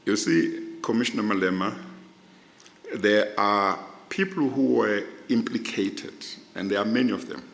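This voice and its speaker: Slow, measured South African man. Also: lowish voice, steady tone, gravelly, a bit bright, a little hiss or hum. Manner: slow, measured, deliberate explanations. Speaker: judicial candidate being interviewed. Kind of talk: formal panel interview. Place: large hearing room. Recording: echoey hall, long reverb.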